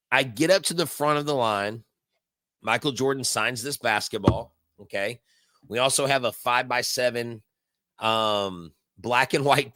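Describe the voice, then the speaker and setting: A man's voice: mid-range voice, a bit bright, dry recording. A middle-aged man, hosting a casual live watch-along stream and telling stories in a chatty way, with fillers and restarts. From Houston, Texas. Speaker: livestream host.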